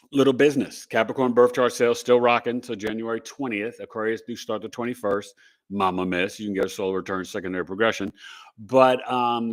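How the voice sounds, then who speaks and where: A middle-aged man hosting an astrology livestream, chatting casually in a rambling, upbeat way with asides to his viewers. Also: fairly low pitch. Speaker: astrology podcast host.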